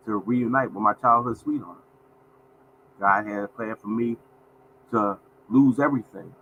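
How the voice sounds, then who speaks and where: Over lo-fi sound and slight background noise, a medium-pitched man's voice comes through pushed and bright. He's in his fifties, hosting a casual livestream in a folksy style, repeating phrases and often calling viewers "y'all."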